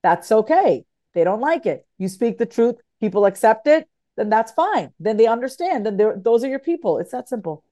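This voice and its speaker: A woman guest author talking in a podcast conversation, animated and emphatic, repeating phrases for emphasis. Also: a little high, moderate pace, few pauses.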